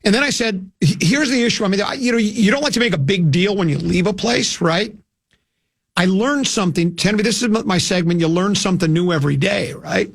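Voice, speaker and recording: A man's voice: sits high, brisk, gravelly, dry recording, studio quality. An older man from hosting a radio show, telling a rambling, self-mocking anecdote with many restarts. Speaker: radio host.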